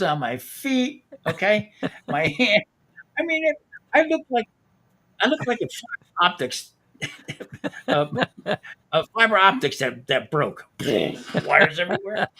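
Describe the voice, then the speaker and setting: A bright, forceful-sounding man with a fairly high voice hosts a casual live stream. He spins a long, profane anecdote, laughing often between lines.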